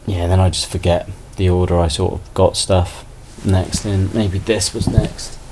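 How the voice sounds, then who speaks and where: A man casually chatting through a haul of toy finds in a relaxed, rambling way. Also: sits low, unhurried, background noise. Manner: relaxed, rambling, self-deprecating. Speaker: toy collector vlogger. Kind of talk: casual haul video chat.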